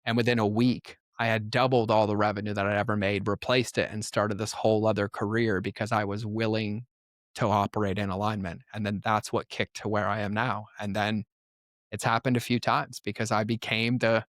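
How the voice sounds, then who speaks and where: A man's voice: fairly low pitch, little pitch movement, no room sound, clean studio sound. A man as a podcast guest, telling his life story in an earnest, emphatic way. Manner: earnest, emphatic, quick to act out quotes. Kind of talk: personal storytelling in conversation.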